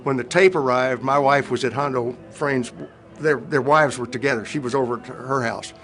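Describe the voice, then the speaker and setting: A man's voice: medium pitch, steady tone, moderate pace, fairly bright tone, soft background music. Older man telling a wry war story. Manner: wry, self-mocking storyteller with frequent fillers. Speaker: retired Marine helicopter pilot interviewee.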